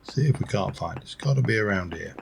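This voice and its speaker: A man's voice: fairly low pitch, lively intonation, fast talker, gravelly, background noise. A middle-aged man giving rambling, musing let's play commentary with dry asides. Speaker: gameplay commentator.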